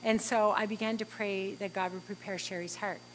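A middle-aged woman, telling a heartfelt personal story in a halting, earnest way with frequent fillers. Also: medium pitch, fairly even intonation, slight background noise, poor audio. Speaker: interviewee.

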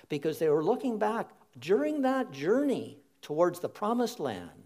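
A man's voice: high voice, a little mellow. A man preaching a sermon, stressing his points emphatically and repeating key phrases for weight, speaking straight to his listeners. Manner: addresses listeners directly as folks.

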